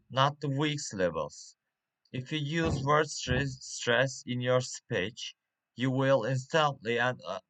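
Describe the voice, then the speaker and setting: Slow, halting man with a bright voice. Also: medium pitch. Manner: slow and halting, with many fillers and restarts. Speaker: English teacher. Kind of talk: reading a pronunciation lesson.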